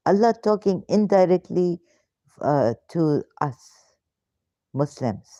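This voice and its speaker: Slow, emphatic woman on dull lo-fi audio. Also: lowish voice, big pitch swings, mellow, no echo. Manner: emphatic and indignant, full of rhetorical questions, hesitant fillers and broken grammar. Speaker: ex-Muslim question-and-answer host. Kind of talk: live question-and-answer talk.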